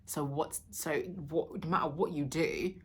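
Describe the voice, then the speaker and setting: A woman's voice: sits low, fairly even intonation, unhurried, breathy edge. A woman giving a casual motivational talk to camera, affectionate and reassuring, calling the listener sweetheart. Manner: affectionate, calls the viewer sweetheart and darling; emphatic, reassuring, spiritual. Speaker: vlogger giving encouragement.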